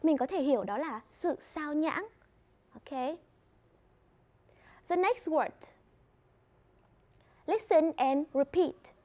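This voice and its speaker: A woman with a Vietnamese accent teaching an English reading lesson in a clear, instructive way. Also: high-pitched, animated, slow pace, long pauses, mellow. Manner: clear, instructive, mixes in explanations in her first language. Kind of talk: classroom lesson.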